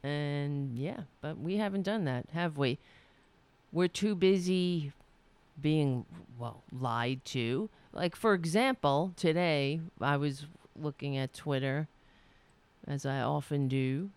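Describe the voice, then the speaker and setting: A woman's voice: low-pitched, slow pace, darkish tone, smooth, no echo. A woman hosting a casual livestream from home, chatting candidly, laughing easily and swearing now and then. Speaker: political livestream host. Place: home room.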